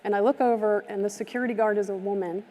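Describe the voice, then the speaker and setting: A woman's voice: medium pitch, steady tone, fast, dark tone. A woman speaking at a summit, telling a heartfelt story with vivid detail and acting out the people in it. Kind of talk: storytelling keynote talk. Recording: live stream from a reverberant hall.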